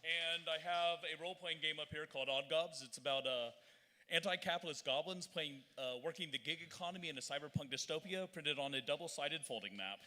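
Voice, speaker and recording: Fast, bright-voiced male author. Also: a little high. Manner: rapid, hesitant starts. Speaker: author reading at the show. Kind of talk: self-promoting banter. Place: bar stage. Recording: reverberant live venue.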